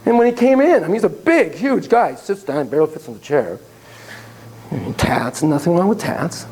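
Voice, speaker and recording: A man who is a psychologist telling a story to students in a lecture, animated and joking, with frequent laughs. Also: on the high side, normal speed.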